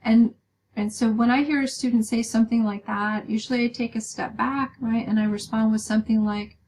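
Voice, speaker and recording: A woman lectures a little fast in a voice on the high side, steady and a little mellow. Recorded roughly with slight background noise, she explains things step by step with frequent "um"s and "right?" checks.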